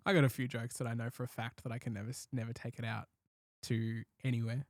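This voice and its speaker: A man, a comedian hosting a podcast, rambling through his writing process with casual swearing and quick asides. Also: mid-range voice, flat delivery, no room sound, clean studio sound. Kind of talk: casual chat.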